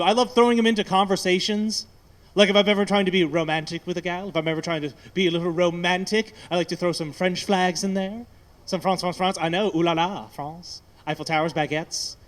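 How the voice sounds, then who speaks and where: Man, high voice, open mic stand-up, rambling, self-deprecating, cursing, stage mic in a brewery taproom. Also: fairly bright tone. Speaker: stand-up comic.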